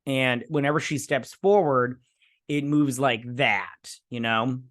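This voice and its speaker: A man casually recapping a TV episode in a rambling way, acting out the characters' lines in quick impressions. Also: mid-range voice, fairly bright tone. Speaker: show reviewer.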